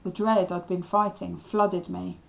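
A woman teacher reading a children's novel aloud in a steady, expressive storytelling voice. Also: on the low side, a little slow, creaky, rough recording.

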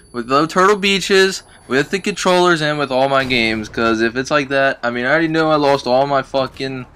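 A man's voice: mid-range voice, a bit bright, a little hiss or hum. A man giving casual gameplay commentary, venting his frustration in rambling, profane talk full of fillers. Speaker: gaming video uploader.

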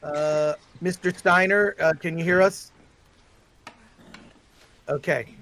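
A man with a notably high voice presides over a livestream as a mock judge, speaking with formal courtroom gravity broken up by frequent fillers. He comes through a video call. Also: fairly even intonation, takes it slowly, fairly bright tone.

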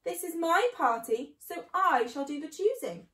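A woman's voice: high-pitched, lively intonation, normal speed. A woman voicing a sly, boastful father fox who grins and gives orders, in a storybook reading. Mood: gleeful. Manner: grinning, showy and commanding. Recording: echoey room.

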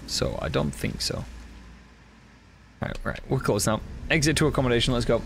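A man streamer giving casual commentary while playing a horror game, excitable, swearing often and chatting with his viewers. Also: mid-range voice, normal speed, vocal fry, long pauses, noisy background.

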